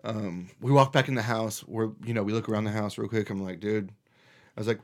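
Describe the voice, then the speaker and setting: A man's voice: on the low side, brisk. A man hosting a casual chat, telling a story with lots of swearing and restarts. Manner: animated storyteller, swears freely, restarts often.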